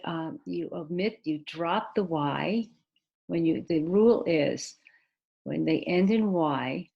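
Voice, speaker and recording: A woman teaching English in a recorded video lesson, patiently explaining step by step, spelling out letters, with hesitant pauses and restarts. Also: on the low side, vocal fry, breathy edge, muffled recording. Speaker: ESL teacher.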